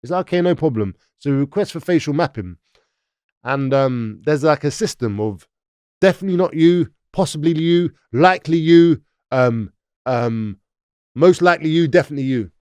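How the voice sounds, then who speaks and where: A man's voice: fairly high pitch, moderate pace, clear, resonant tone, dry recording, studio quality. A man in his thirties with a London accent, telling his story as an interview guest and acting out what other people said. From London, England. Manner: animated, acts out other people's lines.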